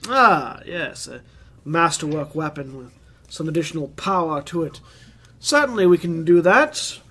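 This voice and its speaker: A man's voice: on the high side, lively intonation, a little slow, sharp tone, heavily acted. A man voicing a fire-breathing male blacksmith who sells weapons and names prices in a businesslike way. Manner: businesslike, haggling salesman.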